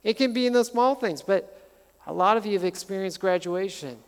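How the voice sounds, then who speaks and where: Animated pastor preaching in a reverberant hall. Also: male voice, sits high, fairly quick, clear, resonant tone. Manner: conversational, animated storytelling with humor. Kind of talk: sermon.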